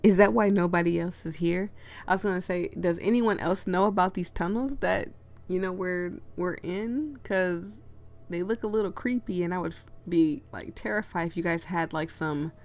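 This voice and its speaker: A woman's voice: fairly low pitch, normal speed, a little mellow. Rambling giggly woman, voice fading. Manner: rambling, giggly, full of tangents. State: losing her voice. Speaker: gamer playing a story game. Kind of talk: casual commentary and reading aloud.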